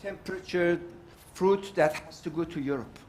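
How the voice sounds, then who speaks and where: A man's voice: high voice, normal speed, darkish tone, slight background noise. Emphatic South African man, fired up. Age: older. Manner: emphatic, repetitive, outspoken. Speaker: panel speaker. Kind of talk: impassioned summit speech.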